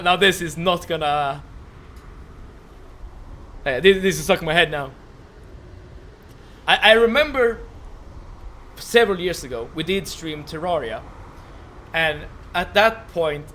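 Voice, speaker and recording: A man's voice: fairly high pitch, measured pace, pauses often, a little hiss or hum. A young man with a Swedish accent chatting with his live-stream viewers while playing a game. He stammers and repeats words a lot and laughs often. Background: soft game music.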